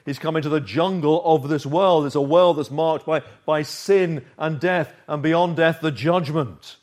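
A man preaching a sermon, earnest and emphatic, with dramatic pauses and swings of volume. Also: fairly high pitch, fairly even intonation.

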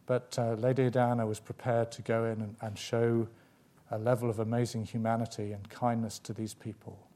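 A man delivering a sermon in a mellow, warm voice of middle pitch. He builds emphasis through repetition and drops into slow, deliberate pauses. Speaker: preacher.

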